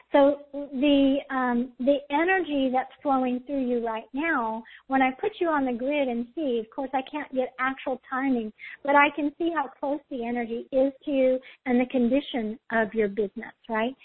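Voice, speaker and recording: A woman host giving intuitive spiritual readings in a soothing, guiding way, often checking in with "okay?", over a tinny line. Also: sits high. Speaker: intuitive reader, show host.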